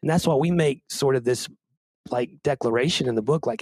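Husky guy, pastor type, earnest and a bit self-deprecating, keeps restarting sentences, dry close mic. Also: mid-range voice, fairly quick, darkish tone, dry recording. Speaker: pastor and book co-author. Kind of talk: casual podcast conversation.

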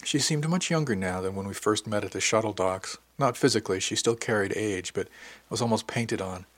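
Husky, low-voiced male narrator. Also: brisk, no echo. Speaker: audiobook narrator. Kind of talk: first-person scripted narration.

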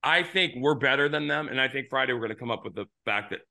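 A middle-aged man with a creaky, pushed, bright mid-range voice hosts a baseball talk show at a quick pace. Once a pitcher and now a podcast host, he rambles through stories in casual sports talk, restarting again and again.

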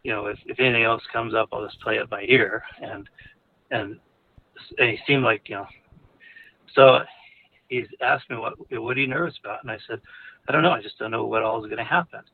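A man's voice: medium pitch, brisk, vocal fry, pauses often. A male caller telling a personal story frankly, in a candid, rambling way with chuckles between phrases. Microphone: phone call. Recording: tinny phone line.

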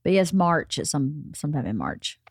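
A woman's voice: low-pitched, sing-song, normal speed, creaky, slightly rough, no room sound, clean studio sound. A woman in her fifties hosting a podcast, chatting casually and motherly with her daughters. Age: 50s. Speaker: podcast host. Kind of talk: casual family chat.

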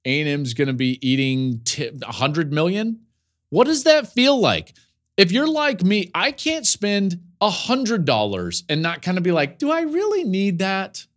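A man in his forties, a college football analyst, giving podcast commentary with animated storytelling and laughing asides. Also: on the high side, a little slow.

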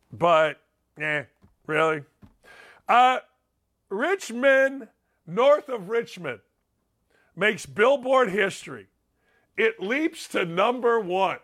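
Fired-up high-voiced male talk host. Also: sharp tone. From Indiana. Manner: fired-up, blunt, ranting, with repeated phrases. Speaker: radio show host. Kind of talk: opinionated talk show monologue.

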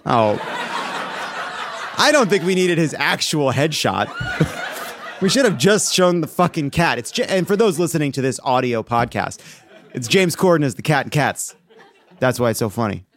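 A man's voice: on the high side, big pitch swings, normal speed, pauses often, fairly bright tone. A man hosting a comedy show, delivering a scripted monologue in a sarcastic, punchy way.

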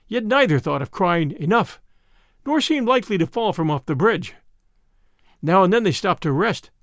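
A man narrating an old-fashioned adventure story in an expressive storytelling manner. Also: high voice, no room sound, studio quality.

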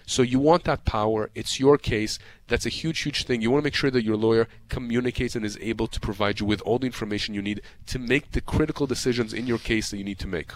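A man's voice: mid-range voice, fast, hardly any pauses. A man who works as a lawyer, giving advice on a radio show in a passionate, emphatic way and often repeating words. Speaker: personal injury lawyer as guest. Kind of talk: radio call-in advice talk.

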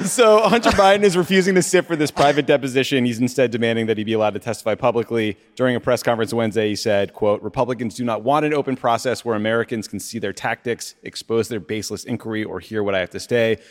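Lower-voiced man hosting live. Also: fast talker, few pauses, long reverb tail. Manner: joking, leads topics, reads quotes. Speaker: podcast co-host. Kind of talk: live podcast banter and reading quotes. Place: live stage before an audience.

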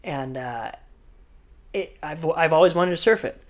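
A man, a professional surfer, telling animated stories full of surf slang as a podcast guest. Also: a little high, measured pace. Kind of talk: podcast interview storytelling.

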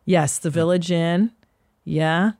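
Woman comic host, gravelly edge, dry close mic, swears freely, rambling anecdotal delivery. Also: on the low side, slow, no room sound. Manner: profane, animated, rambling anecdotes. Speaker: podcast host and comedian. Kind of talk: casual comedic storytelling.

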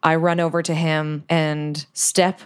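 A woman's voice: low voice, flat delivery, slow pace, smooth. A woman playing a tabletop role-playing game, describing her character's actions. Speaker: player.

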